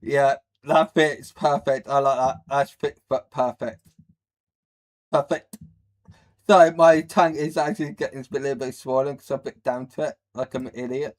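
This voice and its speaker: A man's voice: medium pitch, steady tone, normal speed. A man hosting a live stream, ranting bluntly and rambling in a mocking way as he reacts to videos. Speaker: livestream host.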